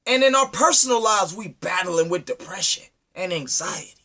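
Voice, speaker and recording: A man delivering an impassioned, preachy monologue, firing rhetorical questions at his listeners and swinging from loud to low. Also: lively intonation, moderate pace. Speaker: speaker addressing his community.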